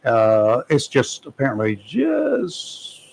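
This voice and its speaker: A male talk radio host chatting on air from a studio. His talk is folksy and loose, full of small jokes, and he often pauses on "uh" as he goes. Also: medium pitch, wildly swooping pitch, vocal fry, darkish tone, husky, rough recording. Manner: folksy and joking, with many fillers. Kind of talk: casual talk radio commentary.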